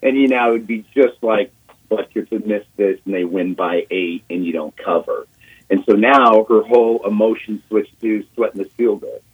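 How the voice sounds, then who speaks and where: Excitable older man on a phone line. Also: fairly low pitch, normal speed, slightly rough. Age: 60s. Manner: excitable, repeats himself, acts out quotes. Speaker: sports betting guest. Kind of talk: animated storytelling on radio. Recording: phone-line call on radio.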